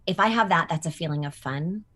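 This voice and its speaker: A woman voice actor chatting in an interview, animated and full of fillers and quoted asides. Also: sits low, brisk. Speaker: voice actor guest. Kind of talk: casual interview chat.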